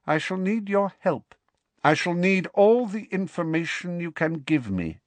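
A man doing a high, cold, cruel dark lord. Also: expressive, no echo. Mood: cold menace. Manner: slow, menacing, measured.

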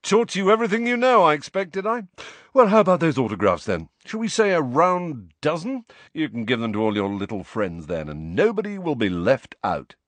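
A man voicing a vain, childlike grown man who talks in a bright, showy, eager way. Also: on the high side, very animated, fairly quick, dry recording, pitched above the performer's own voice.

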